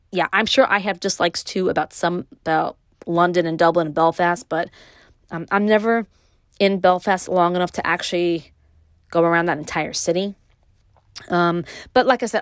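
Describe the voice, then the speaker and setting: A middle-aged woman with a Brooklyn accent hosting her own podcast, talking alone in a casual, rambling way with many pauses and restarts. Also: lowish voice, dry recording, studio quality. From New York. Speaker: podcast host. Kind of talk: casual solo podcast monologue.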